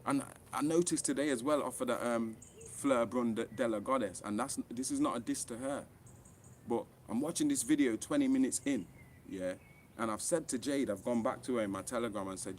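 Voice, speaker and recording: A man's voice: medium pitch, fairly quick, slight background noise. Guy ranting to camera, blunt, sweary, heated, keeps pushing up for emphasis. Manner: heated, blunt and profane, with animated rising emphasis. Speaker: author and online commentator. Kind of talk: impassioned to-camera rant.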